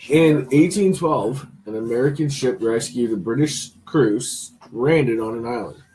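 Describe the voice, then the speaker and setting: A man co-hosting a live chat show, reading trivia facts aloud in a halting way. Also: medium pitch, darkish tone, slight background noise, rough recording. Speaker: co-host.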